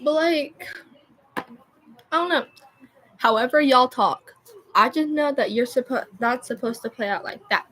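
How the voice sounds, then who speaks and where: A woman's voice: high voice, a little slow, long pauses, a bit bright, slight background noise. A young woman chatting on a livestream, rambling and losing her train of thought with constant filler words. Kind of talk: rambling live-stream chat.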